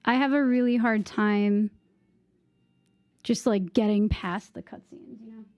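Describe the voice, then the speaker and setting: A woman's voice: on the high side, fairly even intonation, a little slow, no echo, dull audio, faint music behind. A young woman chatting casually while playing a game, rambling and easily distracted, with lots of "like" fillers. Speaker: gaming streamer. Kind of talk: casual gameplay chat.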